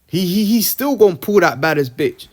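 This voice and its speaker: A man's voice: sits high, animated, normal speed. A young man giving an informal, slangy Bible teaching, tagging his sentences with "man". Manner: slangy, streetwise, peppers talk with "man".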